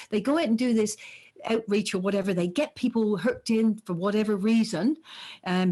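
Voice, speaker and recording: Animated woman psychologist on a podcast. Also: medium pitch. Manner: animated, acts out quoted voices. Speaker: psychologist guest. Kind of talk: conversational podcast interview.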